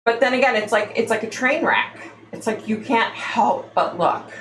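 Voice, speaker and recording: A woman's voice: on the high side, normal speed, a bit bright. A woman hosting a casual psychic livestream, chatty and exasperated, calling her listeners y'all. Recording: echoey room, faint background noise.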